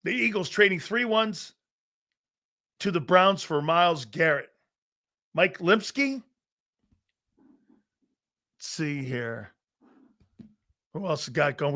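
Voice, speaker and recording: A middle-aged man hosting a live sports talk show, reading chat messages aloud, laughing often and arguing back loudly. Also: fairly high pitch, a little slow, long pauses. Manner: loud, excitable, laughs often, argues with chat.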